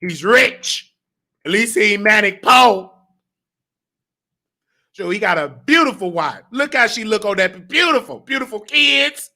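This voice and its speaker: A male talk show host ranting emotionally and in an animated way, sometimes shouting and close to tears. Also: high voice, measured pace, long pauses. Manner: animated, fired-up, at times shouting and near tears.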